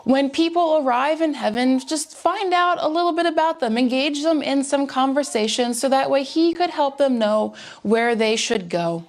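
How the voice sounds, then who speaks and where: A patient, kindly saint calmly explains how to welcome newcomers, as a woman voices him while telling a joke. The voice stays high, close to her own. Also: moderate pace, few pauses. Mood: advising. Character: kindly male saint giving friendly advice.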